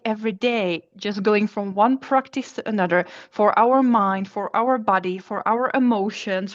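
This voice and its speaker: A woman's voice: mid-range voice, no room sound. A woman co-host talks in a thoughtful, appreciative tone. Her voice sits mid-range, and the recording is dry and a little dull. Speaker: podcast co-host. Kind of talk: podcast interview.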